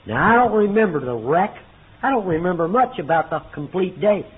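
A man's voice: lively intonation, fairly quick, breathy edge. Folksy man telling his story. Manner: folksy storytelling, swinging between loud punchlines and low hushed quotes. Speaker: recovery meeting speaker. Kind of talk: personal testimony to a meeting. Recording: tinny phone-like recording with faint noise.

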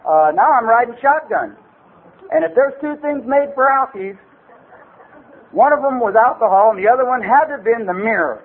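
Middle-aged LA man, high voice, loose rambling storyteller, thin phone-like sound. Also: expressive, normal speed, husky. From Los Angeles area. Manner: loose rambling delivery full of "man" and "you know". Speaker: recovery meeting speaker. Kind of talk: comic personal storytelling. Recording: tinny phone-like recording with faint hiss.

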